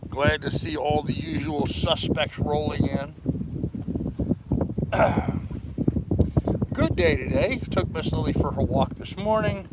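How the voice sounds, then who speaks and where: Older guy rambling on a boat livestream, kinda high voice, heavy wind noise on the mic. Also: slow pace, long pauses. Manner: rambling, chatty, greets viewers by name. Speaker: vlogger doing a live stream. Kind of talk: casual live-stream chat. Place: aboard a sailboat. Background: wind and boat ambience.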